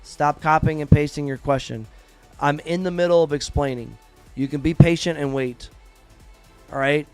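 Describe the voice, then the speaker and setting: A man's voice: fairly high pitch, moderate pace, faint music behind. Blunt, profane man teaching trading live. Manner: blunt, profane, animated, acts out traders' reactions. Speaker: trading livestream host. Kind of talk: live-stream trading lesson.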